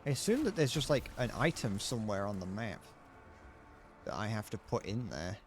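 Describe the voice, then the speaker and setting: A man's voice: lowish voice, very animated, normal speed, music in the background. A British man casually talking through a game as he plays, thinking aloud and humming little tunes. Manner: chatty, thinks aloud, hums tunes while playing. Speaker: streamer. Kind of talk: live gameplay commentary.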